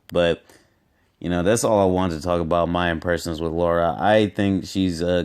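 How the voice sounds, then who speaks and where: A man with a very low, smooth and resonant voice talks through his thoughts in a casual solo video. He rambles and hesitates, circling back with fillers and restarts. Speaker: gaming vlogger.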